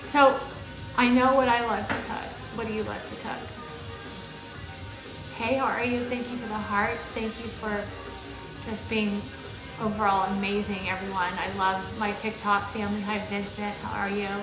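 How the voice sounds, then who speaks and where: A woman from Arizona and Maui cooks on a live stream, chatting casually and flirtatiously and greeting viewers by name. Her medium-pitched voice is flat and moderately paced, heard in an echoey room with loud background music.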